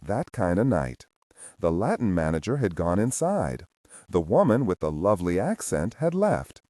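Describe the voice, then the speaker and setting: In a low, dark, very animated voice, a man narrates a scripted thriller audiobook at a measured pace, his pitch swinging widely. The recording is dry and close, with no room sound.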